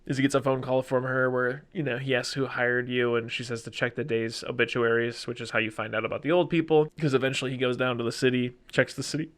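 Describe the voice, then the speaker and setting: Podcast co-host, male, quick crisp delivery, rambly retelling of scenes. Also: medium pitch, level tone, fairly bright tone. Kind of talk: casual movie chat.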